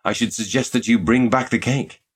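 A man's voice: medium pitch, steady tone, moderate pace, husky, voice pushed up, close to an everyday voice. A man reading aloud and voicing a precise, dry-humoured young man proposing in a pastry shop. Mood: deadpan. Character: grave, whimsical red-haired young man.

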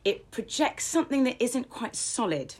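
A woman telling her personal story as an interview guest, frank and self-deprecating, her pace swinging between slow and quick. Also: on the high side, big pitch swings, husky.

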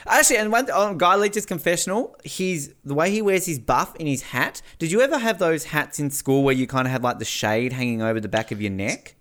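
Aussie guy hosting a podcast, super lively pitch all over the place, chatty. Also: a little fast, few pauses. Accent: Australian. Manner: animated, swings between high and low, acts out quotes. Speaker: podcast host. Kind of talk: casual chat.

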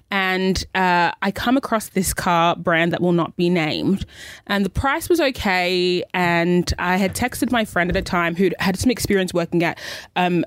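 Brief: young woman, radio co-host, animated storyteller, close dry studio mic. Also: lowish voice, no room sound. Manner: animated storyteller, acts out quoted voices. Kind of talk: casual chat, storytelling.

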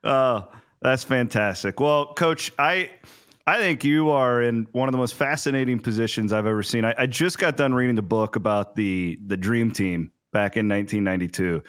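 A man's voice: mid-range voice, normal speed, a bit bright, dry recording. Man, middle-aged, podcast host, eager questions, dry close sound. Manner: enthusiastic, upbeat questioning. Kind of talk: casual interview chat.

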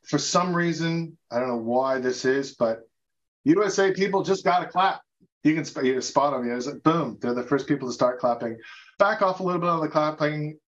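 Speaking fairly quickly in a fairly high voice, a US podcast host gives casual travel advice over dull-sounding audio. His chat is full of laughter, repeated words and fresh starts.

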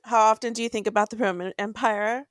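Deadpan woman, dry close sound. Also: a little high, fast talker, no echo. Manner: deadpan delivery. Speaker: book podcast co-host. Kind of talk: casual chat.

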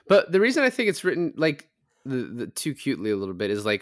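A man's voice: mid-range voice, fairly quick. A man hosting a podcast, casually recapping film scenes and acting out quoted lines as he goes. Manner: animated, retells scenes with quoted voices. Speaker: podcast host. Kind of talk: casual film review chat.

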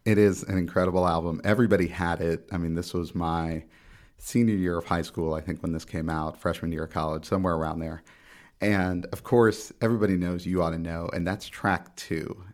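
A man's voice: deep voice, steady tone, a little fast, a little mellow. A man in his forties co-hosting a podcast, chatting casually about music and laughing easily. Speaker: podcast co-host.

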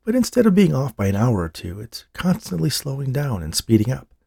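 Narrator doing a gentle male psychic, soft-spoken, dark-toned. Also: mid-range voice, huge pitch swings, a little fast, creaky, husky, dry recording, studio quality, pitched above the performer's own voice, full character voice. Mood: soothing. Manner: soothing, gentle. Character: calm, smooth-talking male psychic medium.

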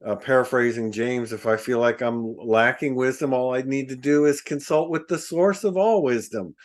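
Man, podcast host, reflective, thoughtful, mid pitch, conversational. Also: normal speed. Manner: reflective, warm agreeing. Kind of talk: casual spiritual conversation.

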